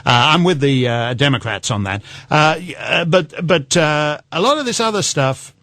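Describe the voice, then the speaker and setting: A man guest-hosting a talk radio show rambles through mocking political commentary in an animated, sharp, fairly high voice at normal speed, with no echo. He keeps cracking himself up and puts on silly voices when quoting people.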